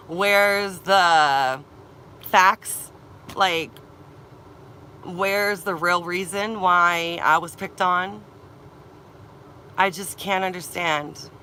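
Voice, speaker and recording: A woman's voice: lowish voice, very slow, long pauses, bright, forceful tone, a little hiss or hum. A young woman venting in a vlog, upset and tearful, swearing and repeating herself. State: tearful and agitated. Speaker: vlogger. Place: camper van or campsite.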